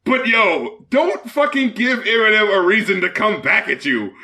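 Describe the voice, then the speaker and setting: A man co-hosting a casual podcast chat about music, excitable, mocking and laughing often. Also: sits high, moderate pace. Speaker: podcast co-host and music critic.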